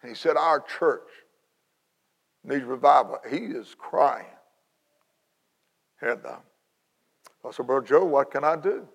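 A man, an evangelist telling a story in a sermon, folksy and animated with many restarts, in a large church hall. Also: medium pitch, unhurried, creaky, pauses often, husky. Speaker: evangelist preacher.

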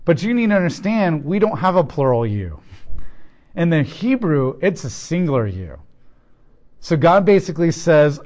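A man with a fairly high speaking voice teaches from scripture in a relaxed, conversational way. He explains the text plainly and drops in casual asides and rhetorical questions as he goes. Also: normal speed. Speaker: Bible teacher.

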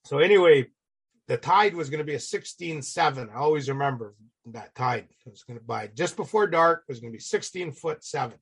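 A middle-aged man telling a casual, salty story as a podcast guest, acting out the people in it with animated voices. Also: a little high, fairly quick, slightly rough.

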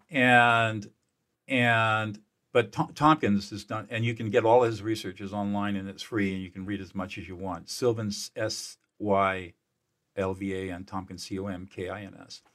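A man with a fairly low voice explains things as an interview guest who works as a mediator. He talks with energy and emphasis. He often restarts his sentences and repeats words as he pushes his points. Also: fairly bright tone. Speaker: mediator and peacemaker.

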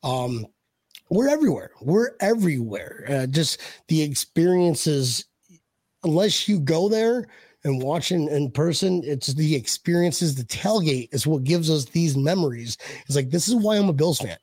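A man's voice: on the high side, lively intonation, a little slow, a little mellow, dry recording. Joking man hosting a fan show. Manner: joking, rambling with restarts. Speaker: podcast host. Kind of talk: casual chat.

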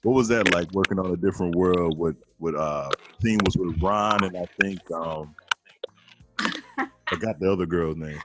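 A man hosting an interview, asking questions casually like an excited fan. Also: low-pitched, very noisy. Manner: enthusiastic fan, quick questions. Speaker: podcast host.

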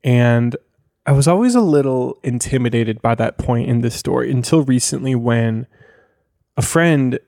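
A man co-hosting a podcast, sharing a personal faith reflection in an earnest, halting way. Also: medium pitch, expressive, vocal fry, warm tone, no echo, studio quality. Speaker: podcast co-host.

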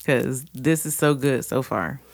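Woman, casual podcast chat, animated storyteller, laughs often. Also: extremely low pitch, unhurried. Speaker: podcast co-host.

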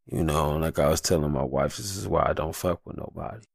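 A man's voice: a bass voice, fast talker, vocal fry, no room sound, studio quality. A young adult man hosting a solo podcast, talking in a passionate, profane rant full of slang. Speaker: podcast host.

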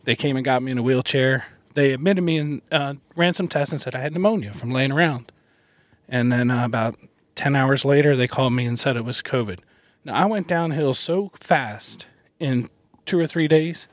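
A man sits in a van as a guest, telling his story in a relaxed, halting way and chuckling between thoughts. His voice sits at an average pitch, and the recording is close and dry. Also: no room sound. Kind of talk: casual storytelling. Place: inside a parked van.

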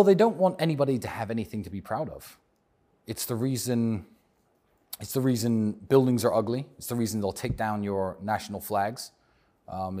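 Husky low-voiced man with a British accent. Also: darkish tone. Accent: British English. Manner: emphatic, repeats phrases for stress. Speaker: interview guest. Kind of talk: conversational interview answers.

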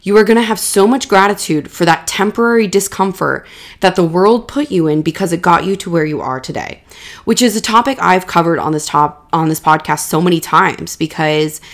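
A young adult woman hosting a solo podcast, telling a personal story candidly and repeating words for emphasis. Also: low voice. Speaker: podcast host.

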